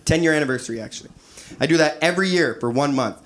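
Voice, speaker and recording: A man in his thirties performing a crude, animated stand-up comedy set on a club stage, acting out quoted voices. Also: on the high side, very fast. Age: 30s. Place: comedy club stage before a laughing audience.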